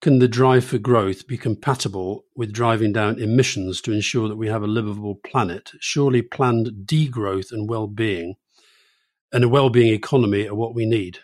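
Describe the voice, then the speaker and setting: A middle-aged man co-hosting a political podcast, brisk and direct, with some dry teasing. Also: lowish voice, steady tone, darkish tone. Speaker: podcast co-host.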